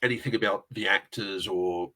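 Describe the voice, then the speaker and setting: A man's voice: lowish voice, fairly even intonation, moderate pace, pushed and bright. A middle-aged man, telling rambling anecdotes as a guest in a casual interview. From England. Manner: rambling anecdotal storyteller, chuckles often. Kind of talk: casual chat.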